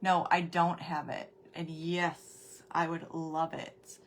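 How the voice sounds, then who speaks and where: A woman's voice: deep voice, little pitch movement, slow pace, a little hiss or hum. Chatty middle-aged woman hosting a craft stream. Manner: rambling, chatty, greets viewers by name. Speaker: crafting show host. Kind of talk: casual livestream chat with viewers.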